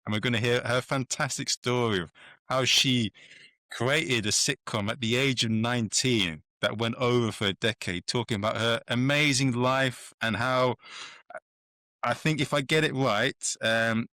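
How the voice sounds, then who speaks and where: Male podcast host, enthusiastic and rambling, bright forceful voice. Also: medium pitch, steady tone, measured pace, no echo, studio quality. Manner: enthusiastic, rambling, many restarts. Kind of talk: casual interview chat.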